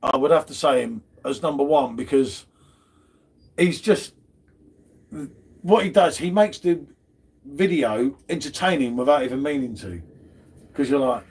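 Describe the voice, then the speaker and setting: A man's voice: mid-range voice, lively intonation, a little slow, pauses often, a little mellow, slightly rough. A man hosting a casual live beer stream from home, bantering, swearing and greeting viewers in chat. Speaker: beer channel host.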